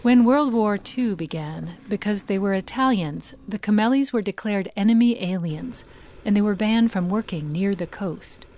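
A woman reading scripted narration in a measured, formal way. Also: medium pitch, a little mellow.

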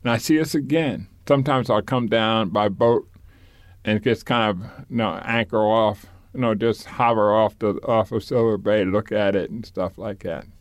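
A man's voice: lowish voice, fairly even intonation, normal speed, dry recording, clean studio sound. An older man being interviewed for an oral history, reminiscing in a rambling way with repeated words and occasional chuckles.

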